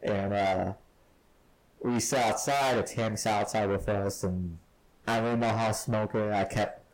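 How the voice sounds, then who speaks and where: A man's voice: fairly low pitch, steady tone, measured pace. A man hosting a podcast, telling rambling stories in casual chat and laughing often. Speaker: podcast host. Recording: poor sound quality.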